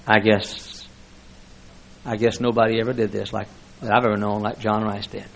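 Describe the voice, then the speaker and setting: A man's voice: on the low side, level tone, normal speed, gravelly, a little hiss or hum, low-quality recording. An older man preaching a folksy sermon full of stories, chuckling often as he talks. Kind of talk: sermon with anecdotes.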